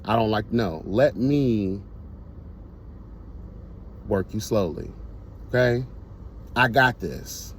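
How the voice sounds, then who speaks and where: A man's voice: on the low side, lively intonation, slow pace, long pauses, slight background noise. A man telling a casual storytime monologue to his viewers, blunt, profane and emphatic. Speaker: storyteller vlogger.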